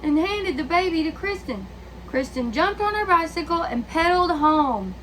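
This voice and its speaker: A woman reading a children's picture book aloud, pausing to ask her listeners questions. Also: extremely high pitch, expressive, background noise.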